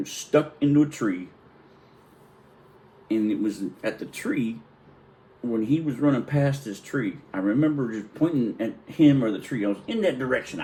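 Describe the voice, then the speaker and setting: A man's voice: fairly low pitch, slight background noise, poor audio. A middle-aged man casually telling a rambling, profane childhood story, acting out the quotes. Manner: rambling, profane, animated retelling with acted-out quotes.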